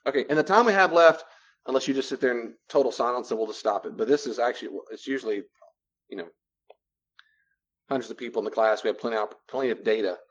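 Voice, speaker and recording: The audio is dull as a fast-talking man with a medium-pitched voice lectures a class on personal boundaries. He keeps it conversational, repeats phrases for emphasis, and works role-play into the lesson.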